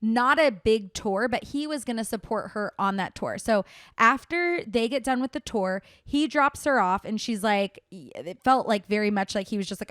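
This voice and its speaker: A young woman hosts her own podcast alone and rants in a fired-up way, with plenty of swearing. Her voice sits a little high. The sound is close and dry, with no room around it. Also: moderate pace, no echo. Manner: fired-up ranting, frequent swearing. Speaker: podcast host. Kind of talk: solo commentary podcast.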